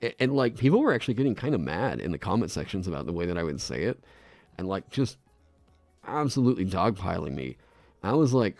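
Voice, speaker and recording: A man's voice: fairly low pitch, very animated, fast talker, a little mellow, no room sound, soft background music. A man chatting casually on a live stream into a desk microphone. He rambles, laughs often and swears freely. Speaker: streamer designing a game class.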